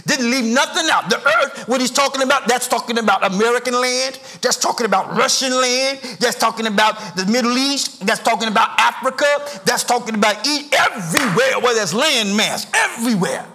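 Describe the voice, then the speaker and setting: A middle-aged man preaches in a church, his voice pitched unusually high for a man. His tone is bright and forceful, and his delivery climbs into sing-song rises and shouted emphasis. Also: normal speed, few pauses, faint music behind. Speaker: pastor. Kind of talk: sermon. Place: church sanctuary.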